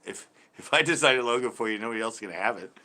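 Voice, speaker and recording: A man's voice: mid-range voice, sharp tone. A man hosting a casual live stream, reading viewer chat in a laid-back, tired way, often chuckling and trailing off mid-sentence.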